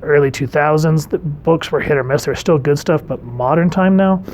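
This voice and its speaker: A man, a dad, casually reviewing an old comic book and reading panels aloud in a chatty, relaxed way. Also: on the high side, normal speed, a little hiss or hum.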